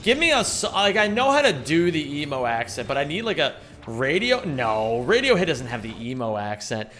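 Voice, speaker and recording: A man's voice: a little high, very animated, moderate pace, a bit bright. A man streaming a speedrun, chatting loosely with his viewers, greeting them by name and rambling between thoughts. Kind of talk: live-stream chat while speedrunning.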